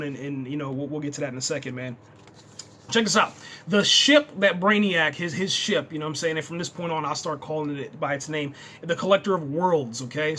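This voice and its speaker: Excitable high-voiced man reviewing a show. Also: slight background noise. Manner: excitable, says "man" constantly. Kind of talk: casual unscripted review.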